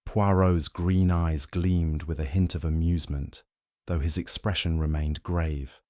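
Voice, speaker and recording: A man narrating a mystery audiobook in a measured, dramatic way. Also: sits low, steady tone, warm tone, dry recording, clean studio sound.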